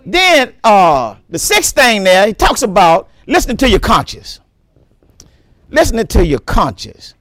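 High, lively preaching pastor. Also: male voice, unhurried, no echo. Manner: animated preaching, repeats words, laughs often, exclaims praise. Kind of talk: sermon.

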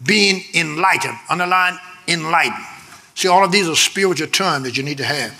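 A male pastor preaching a sermon, emphatic and repetitive, swinging from shouted lines to low, quick asides. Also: lively intonation, vocal fry.

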